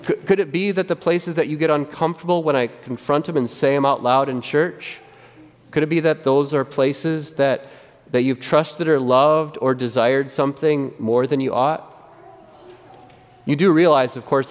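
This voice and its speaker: A man preaching a sermon as pastor, animated and conversational, often repeating and restarting his words. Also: mid-range voice, long reverb tail. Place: church sanctuary.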